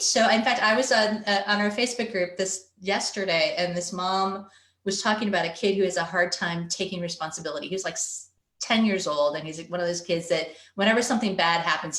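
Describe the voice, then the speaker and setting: A woman's voice: on the low side, brisk, fairly bright tone, echoey room. A woman parenting coach giving an earnest webinar talk over a video call, often acting out a stressed parent's inner thoughts. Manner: earnest, explanatory, acts out quoted parent thoughts. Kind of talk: webinar presentation.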